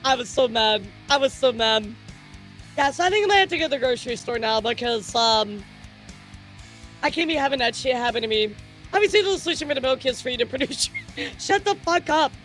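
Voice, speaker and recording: A woman streamer chats casually with her viewers, telling animated stories and swearing freely. Her voice sits fairly high, with faint music underneath. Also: brisk. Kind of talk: casual livestream chat.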